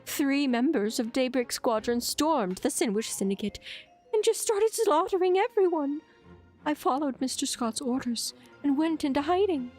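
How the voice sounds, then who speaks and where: A woman's voice: high voice, expressive, normal speed, a little mellow, faint music behind, pitched above the performer's own voice. A woman voicing a nervous young informant hiding in fear, jittery and pleading. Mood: anxious.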